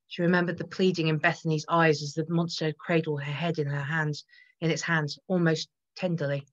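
A woman narrating a gothic horror story in a measured voice that builds tension. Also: low voice, flat delivery, muffled recording. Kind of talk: dramatic gothic story reading.

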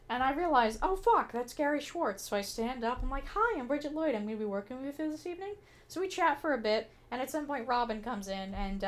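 A young woman chatting casually about her cosplay convention experiences, telling stories with lots of fillers and quoted dialogue. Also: mid-range voice. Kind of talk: casual storytelling vlog.

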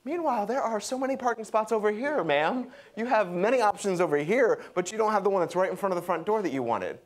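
A young adult man preaching a sermon, animated and acting out quotes. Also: fairly quick. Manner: lively, acts out quotes with pitch jumps. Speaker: pastor.

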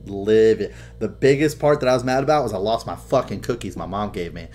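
A man chatting on a podcast in a casual, profane way. He tells gaming stories with lots of energy and bursts into loud mock quotes. His pitch sits in the middle for a man. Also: fast talker. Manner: animated storytelling, heavy swearing, acts out loud quotes. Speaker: podcast co-host. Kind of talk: casual chat.

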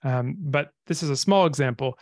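A man giving an informal lecture, relaxed and explanatory, pausing on frequent ums. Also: medium pitch, dry recording, studio quality.

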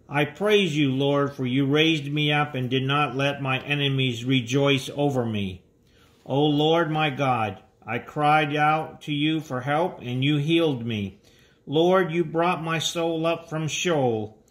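Slow, solemn man reading psalms. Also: fairly high pitch, reverberant. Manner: measured and solemn. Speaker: scripture reader.

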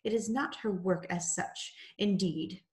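A woman reading the lines of a sly, self-righteous male mill overseer who speaks in a smug, even tone. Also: mid-range voice, measured pace, lightly acted.

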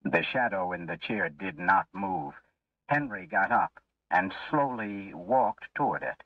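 A low-voiced man reads a story very slowly, his pitch rising and falling with feeling. The recording is dry but dull and lo-fi, as if he sits some way from the mic. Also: gravelly, dry recording. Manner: slow, expressive reading. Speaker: narrator. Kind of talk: scripted story narration for English learners. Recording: muffled lo-fi, distant mic.

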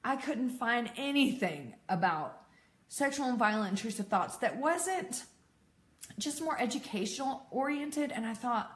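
A woman's voice: fairly high pitch, lively intonation, unhurried. A woman in her thirties giving a candid personal talk to an audience, laughing often and making self-deprecating asides. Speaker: peer support speaker. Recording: echoey room.

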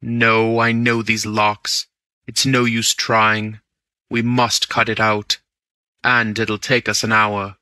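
A man voicing a cool, confident gentleman burglar who speaks low and measured, as in an audiobook. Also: level tone, clean tone, no room sound, heavily acted. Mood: calm. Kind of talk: audiobook character reading.

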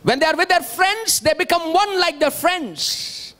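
A male pastor delivers a sermon with a strikingly high-pitched voice. He preaches emphatically and throws rhetorical questions out to his listeners. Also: lively intonation, a little slow, a bit bright.

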